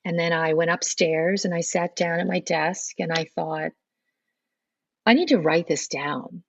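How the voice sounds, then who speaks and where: Woman, middle-aged, animated storyteller, dry close sound, slightly muffled. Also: on the low side, unhurried, gravelly, no room sound. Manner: earnest, animated, acts out remembered dialogue. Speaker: guest telling her conversion story. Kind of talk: personal storytelling interview.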